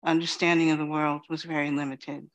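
A middle-aged woman from Queens giving a reflective dharma talk as a Zen teacher, pausing often and saying "you know". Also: low-pitched, level tone. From Queens, New York City. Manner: slow, reflective, many pauses and "you know".

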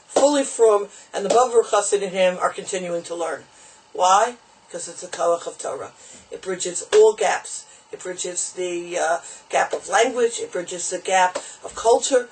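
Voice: medium pitch, normal speed, poor audio. A teacher giving an informal Torah lesson, chatty and digressive, mixing in Hebrew and Yiddish terms.

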